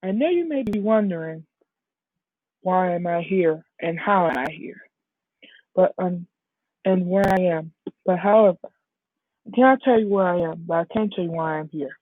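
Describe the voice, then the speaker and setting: A mysterious father speaks to his son in slow, grave warnings, as a woman puts him on. The voice is husky and close. The recording is dry and tinny. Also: on the low side, dry recording, close to an everyday voice. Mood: solemn. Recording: husky, dry, phone-like lo-fi audio.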